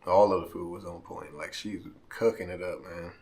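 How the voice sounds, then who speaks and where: Deep voiced guy on his vlog, choked up, trying not to cry, super heartfelt. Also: steady tone, brisk, darkish tone. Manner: emotional, heartfelt, repeats "man", holding back tears. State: near tears. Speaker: vlogger. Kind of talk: emotional direct-to-camera vlog.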